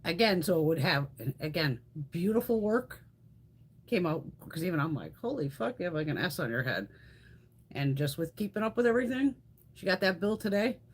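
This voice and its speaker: A middle-aged woman with a fairly low, husky voice talks briskly while hosting a beauty livestream. She chats casually with viewers, answering them in an animated way and swearing freely.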